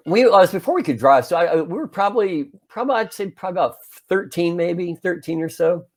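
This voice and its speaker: Give me an animated male storyteller with a lively, bouncing voice. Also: sits high, fast. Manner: animated storyteller, acts out his own yelling. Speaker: podcast co-host. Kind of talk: casual anecdote telling.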